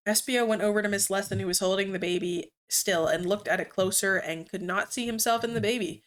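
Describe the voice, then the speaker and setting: A woman's voice: mid-range voice, moderate pace, a bit bright. Young woman reading fanfiction aloud. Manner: amused, breaks off to comment. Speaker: streamer.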